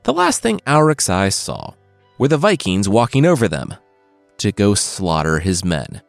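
A man's voice: on the low side, very animated, unhurried, vocal fry, faint music behind. A man telling a saga as a comedic retelling, with wry, sarcastic asides. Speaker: storyteller host.

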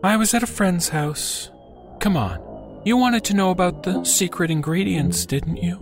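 A man's voice: high-pitched, lively intonation, normal speed, music in the background, voice pushed up. Man putting on a sarcastic, menacing woman gangster. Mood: smug. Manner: sarcastic, bossy, threatening.

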